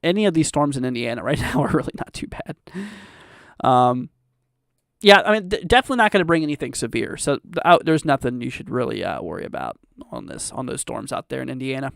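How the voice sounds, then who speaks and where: Young male weather streamer, gravelly and lively, rambling chat with many fillers, dry close desk mic. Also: medium pitch, fast, no echo. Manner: rambling, many fillers and restarts, reads viewer chat aloud. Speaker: weather livestream host. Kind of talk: casual live weather commentary.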